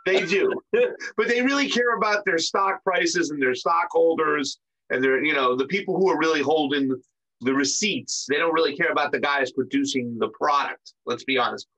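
A man's voice: a little high, moderate pace, sharp tone. A man hosting an interview, blunt and casual with some mild swearing. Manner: blunt, casual, mildly profane. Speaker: host. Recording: slightly dull audio.

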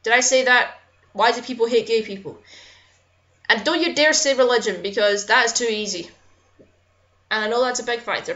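A young woman with a high voice talks straight to camera in a heated personal rant. She swears freely and speaks with raw conviction. The sound is dull and lo-fi, like basic webcam audio. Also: fairly bright tone. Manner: impassioned, swearing, apologizing for getting angry. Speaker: YouTuber.

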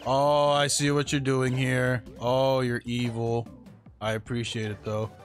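A young man casually commentating a platform game on a livestream, slangy and profane, laughing often and yelling when he dies in the game. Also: mid-range voice, flat delivery, unhurried, soft background music. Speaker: streamer.

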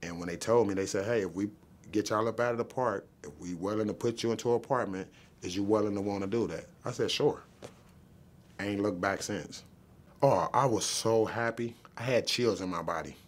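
A man's voice: lowish voice, brisk. A man telling his own story in a testimonial interview, plain-spoken and earnest, asking himself rhetorical questions. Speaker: program client.

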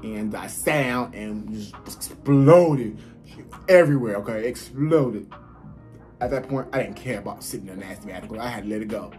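A man telling a casual story to his viewers, animated and blunt, swearing freely and talking straight to them. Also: fairly low pitch, moderate pace, faint music behind. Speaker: vlogger. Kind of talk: casual story time while eating.

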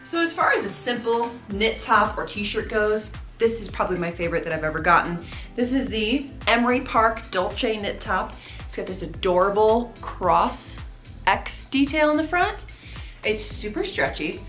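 A woman in her thirties, a fashion vlogger, chats about clothes in a bubbly, casual try-on haul, laughing often. Her medium-pitched voice is very animated and a bit bright, moving at a normal speed. The room is echoey, with faint music in the background.

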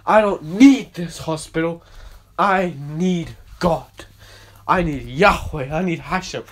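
A man delivering a ranting monologue to camera, emphatic and repetitive, swinging between quiet and loud. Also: on the high side, slow pace. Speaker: video blogger.

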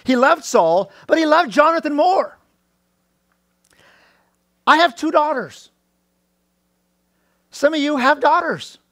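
A middle-aged male pastor giving a sermon, often restarting his words and rising loud and high on key points. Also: animated, slow, pauses often, no echo, studio quality. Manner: preaching with many restarts and repeated words; rises to a loud high pitch when stressing points.

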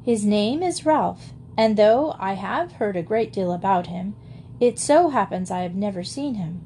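A woman's voice: medium pitch, animated, a little slow, slight background noise. A woman reading a gracious aristocratic mother. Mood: tender. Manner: gracious, warm welcoming. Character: gentle, well-bred aristocratic mother.

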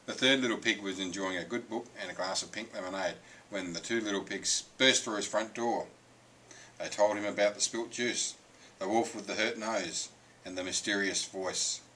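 A man reading a children's picture book aloud with lively, expressive storytelling. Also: on the low side, moderate pace, a little hiss or hum, low-quality recording. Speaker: reader.

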